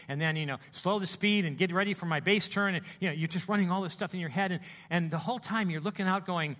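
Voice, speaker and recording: A man preaching a sermon as a pastor, telling stories with animated swings between hushed and loud delivery. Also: on the high side, quick pace, few pauses.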